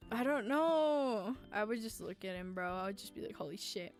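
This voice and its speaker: A woman's voice: mid-range voice, lively intonation, normal speed, soft background music. A young woman streaming a romance game, reading its text aloud and reacting with teary emotion and casual swearing.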